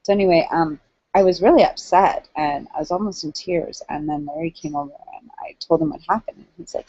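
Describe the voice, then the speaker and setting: Woman hosting an online hangout, low mellow voice, rambling and chatty, dry dull webcam sound. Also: fairly quick, no room sound. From Canada. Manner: rambling and chatty, with many fillers. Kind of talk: casual solo video chat.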